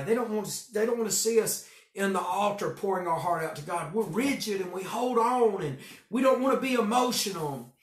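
A middle-aged man, a pastor, preaching a men's devotion with emphatic repeated phrases, going quiet for personal stories. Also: a little high. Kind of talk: men's group devotion sermon. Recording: echoey room.

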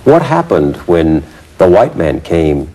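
Low-voiced male interviewer. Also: big pitch swings, slow pace, dark tone.

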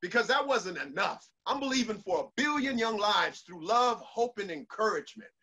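A man's voice: sits high, lively intonation, normal speed, pushed and bright, husky. A man giving a motivational speech to an online audience, preacherly, repeating lines for emphasis and leading call-and-response. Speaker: motivational speaker.

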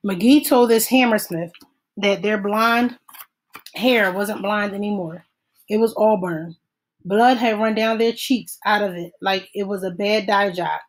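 Woman narrator, measured steady audiobook reading. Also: medium pitch, low-quality recording. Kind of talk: audiobook read-aloud.

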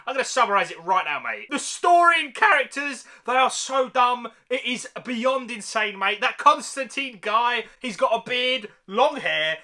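A British man reviewing a movie on his vlog in a casual, slangy rant. His voice sits very high for a man and sounds sharp and bright. He keeps laughing at the film's flaws. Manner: animated, slangy, laughing at the film.

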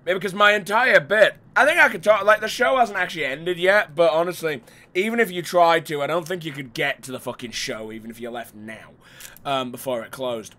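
A man streaming a horror game, his voice hoarse and strained from overuse, rambling and laughing between bits of chat with viewers. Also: on the high side, a little fast, pushed and bright. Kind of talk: casual gameplay livestream chat.

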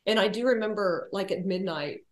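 A woman telling her personal story as a podcast guest, quiet and reflective, hesitating often with fillers and restarts. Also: medium pitch, fairly quick.

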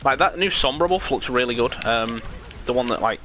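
A man's voice: mid-range voice, lively intonation, a little fast, noisy background. A young British man chatting casually and joking while streaming a game, laughing often and wandering off on asides. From Britain. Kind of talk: casual live gameplay chat.

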